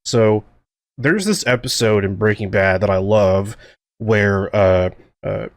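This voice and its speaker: A man talking through his own series in a casual director commentary, excitable and rambling, with lots of fillers and restarts. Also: lowish voice, takes it slowly, no room sound, studio quality. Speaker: series creator and co-host.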